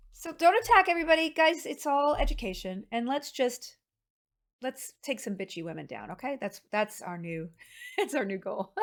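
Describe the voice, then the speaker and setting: A woman's voice: on the high side, fairly bright tone. A woman game streamer chatting casually and rambling to her live chat.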